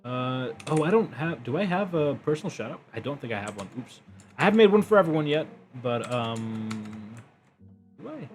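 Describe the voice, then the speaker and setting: A man's voice: fairly high pitch, sing-song, normal speed, soft background music. A man streaming a story game, chatting casually with viewers and making self-mocking asides. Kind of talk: casual gaming livestream chat.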